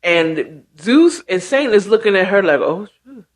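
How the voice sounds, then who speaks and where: A woman's voice: medium pitch, very animated, measured pace. A woman host casually retelling a book's plot in a chatty, slangy way, with asides to the listener. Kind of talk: casual storytelling recap.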